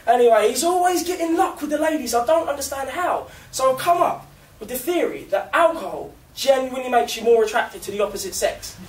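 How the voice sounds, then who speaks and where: A man's voice: very high-pitched, expressive, brisk. A young man from London doing a stand-up comedy set, chatty and self-mocking, often laughing at his own lines. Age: young adult. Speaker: student comedian. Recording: echoey room, distant mic, noisy.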